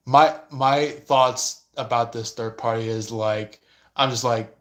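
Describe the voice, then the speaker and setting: A man's voice: medium pitch, steady tone, takes it slowly. A man giving a casual astrology reading and responding to viewer comments, talking hesitantly with many fillers. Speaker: astrology and tarot reader.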